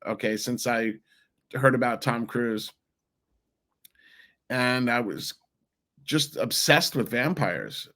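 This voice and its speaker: Guest voice: man, 40s, New Jersey-raised, lively rambling storyteller, mid pitch. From New Jersey, USA. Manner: animated, rambling, many restarts. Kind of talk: casual interview storytelling.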